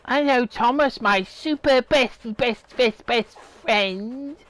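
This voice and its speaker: A man voicing a vain, preening male cartoon train engine in a screechy high voice. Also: slow pace, fairly bright tone, no room sound, exaggerated voice. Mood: gushing.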